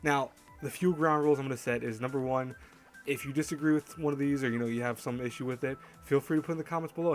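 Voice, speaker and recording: A man's voice: mid-range voice, steady tone, quick pace, soft background music. A man hosting an anime countdown in casual chat, rambling and correcting himself as he goes. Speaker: host. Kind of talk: casual anime list commentary.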